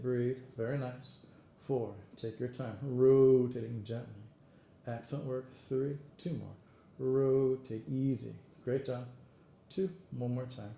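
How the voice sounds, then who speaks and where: A man leading an exercise class, counting reps and giving steady encouragement and cues. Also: medium pitch. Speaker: fitness instructor. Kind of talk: guided exercise class cueing. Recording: roomy echo, faint room noise.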